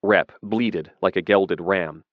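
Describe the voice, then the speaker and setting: A man with a fairly low voice narrating a fantasy audiobook at a measured, steady pace. The recording is dry, close and slightly dull. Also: dry recording.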